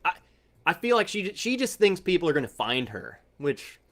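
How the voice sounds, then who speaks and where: A man's voice: fairly high pitch, big pitch swings, moderate pace. A man hosting a casual livestream chat, who laughs often and stumbles over his first words. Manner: laughs often, repeats words when starting. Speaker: livestream host.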